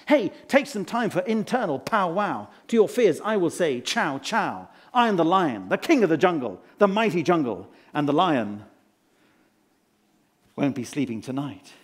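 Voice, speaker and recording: A man's voice: fairly high pitch, very animated, a little slow. A man playing a pompous rhyming business guru. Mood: boastful. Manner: showy rhyming wordplay, quizzes the audience. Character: pompous rhyming male management guru, self-adoring. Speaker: motivational speaker character. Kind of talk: live stage comedy act. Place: conference stage before an audience.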